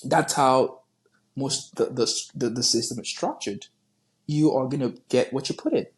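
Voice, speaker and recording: Animated Nigerian-born man chatting. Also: medium pitch, moderate pace. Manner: animated, swearing, repeats words. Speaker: podcast guest. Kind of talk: casual podcast chat.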